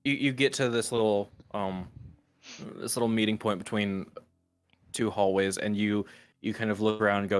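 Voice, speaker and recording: A man narrating as dungeon master in a casual tabletop game, talking loosely with many pauses. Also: lowish voice, clean tone, no room sound. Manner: relaxed, full of fillers and restarts.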